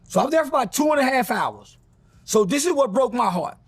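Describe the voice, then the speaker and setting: High-voiced guy with a gravelly husky edge, animated storyteller, acts out the quotes. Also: a little fast, no room sound. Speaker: guest telling a story. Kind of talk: storytelling in a played interview clip.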